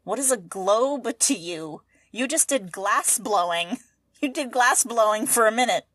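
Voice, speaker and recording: A woman's voice: on the high side, expressive, a little slow, a bit bright, no room sound. Teasing woman podcast host, dry sound. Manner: teasing, laughs often, mock-serious explanations. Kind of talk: casual comedic chat.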